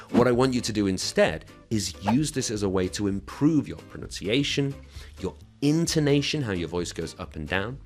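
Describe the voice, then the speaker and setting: A man with a lowish voice teaches English exam speaking skills, walking through a sample answer in an encouraging, instructive way and checking in with his listeners.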